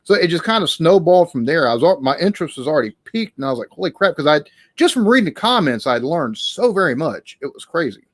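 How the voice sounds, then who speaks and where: A man's voice: fairly high pitch, very animated, quick pace, no room sound. A man hosting a casual live-stream Q&A, talking in a rambling, hesitant way with many restarts.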